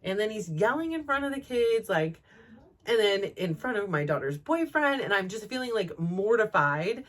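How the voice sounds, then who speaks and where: A woman's voice: medium pitch, sing-song, normal speed. Rambling middle-aged woman telling a story. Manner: rambling, heavy use of "like" fillers; frank and self-reflective. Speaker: host. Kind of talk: casual personal storytime.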